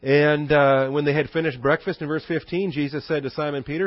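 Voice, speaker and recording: A man preaching an expository sermon to his congregation, teaching conversationally and reading scripture quotes slowly and low. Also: steady tone, no echo. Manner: conversational teaching with rhetorical questions. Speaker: pastor. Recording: dull dry recording.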